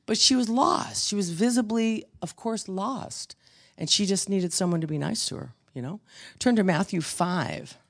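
Gravelly-voiced woman teaching Bible study. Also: medium pitch, normal speed. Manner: chatty storytelling with frequent restarts.

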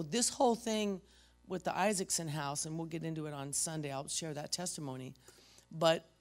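Gravelly-voiced woman pastor preaching. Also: deep voice. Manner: conversational storytelling, dropping to a hush for effect. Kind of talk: sermon with personal testimony.

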